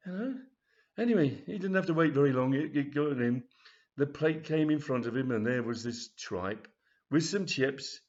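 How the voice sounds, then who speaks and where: A man reading his own comic story in a rambling, chatty way with many restarts. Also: mid-range voice. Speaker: author. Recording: dull lo-fi recording.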